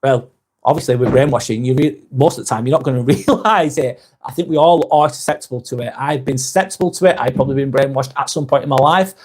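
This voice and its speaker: A man's voice: mid-range voice, quick pace, a little mellow, husky. A man with a Lancashire accent hosting a live vlog, reading out viewer comments in a blunt, sweary, emphatic way.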